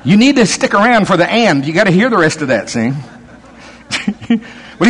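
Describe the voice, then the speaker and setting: A man's voice: fairly high pitch, animated, normal speed, pauses often, a bit bright, husky. A man preaching a sermon, telling stories with acted-out quotes and chuckles.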